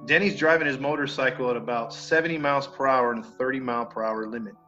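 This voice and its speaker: A man's voice: medium pitch, fast. A man casually telling a story on a podcast, acting out the people in it and cursing mildly. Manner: animated, acts out quoted neighbors, mild cursing. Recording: dull lo-fi sound with faint music.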